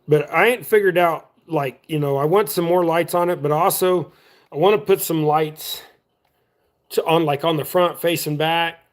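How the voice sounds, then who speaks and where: A chatty man with a drawl rambles easily through a live stream. His voice sits a little higher than most men's, and he talks in a relaxed, offhand way. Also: normal speed. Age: adult. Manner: chatty, drawling, easygoing, talks while working with his hands. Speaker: livestream host. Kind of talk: casual rambling livestream chat.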